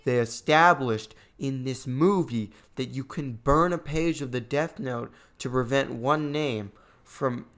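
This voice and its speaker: A young man giving a ranting movie review, exasperated and sarcastic, his voice going a bit hoarse. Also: medium pitch, a little slow, a bit bright. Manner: exasperated, sarcastic, voice spikes when annoyed. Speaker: gaming channel host reviewing a movie.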